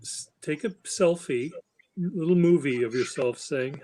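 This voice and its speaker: A man's voice: fairly high pitch, unhurried, mellow, low-quality recording. A man hosting a live chat stream, talking in a rambling, playful, teasing way. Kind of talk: casual livestream chat.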